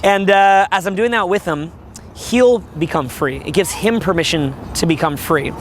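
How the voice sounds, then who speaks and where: A middle-aged man with a worn, rough voice, giving a blunt, profane, animated coaching monologue about dating. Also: sits high, normal speed, slight background noise. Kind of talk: motivational monologue.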